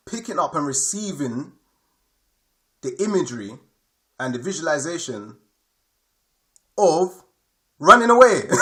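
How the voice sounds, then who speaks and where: In an explanatory spoken lesson, a man who teaches spirituality hammers home his points through repetition and keeps checking in with listeners. His voice is fairly high and a bit bright.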